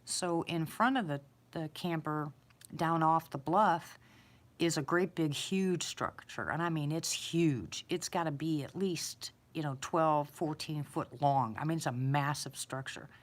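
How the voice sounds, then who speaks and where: A woman's voice: sits low, measured pace. A woman casually telling a personal story, rambling, repeating herself and chuckling. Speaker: eyewitness storyteller.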